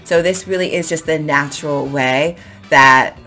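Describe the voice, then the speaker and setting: Low voiced woman teaching english, real emphatic, faint music under it. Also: a little slow. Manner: animated, emphatic, repeats phrases to model intonation. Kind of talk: explaining to camera in a lesson.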